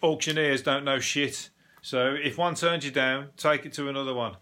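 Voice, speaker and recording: Bright-voiced sweary man. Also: mid-range voice, fairly even intonation, moderate pace. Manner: blunt, sweary, rambling with restarts and laughs. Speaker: podcast host. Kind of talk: casual comedic monologue.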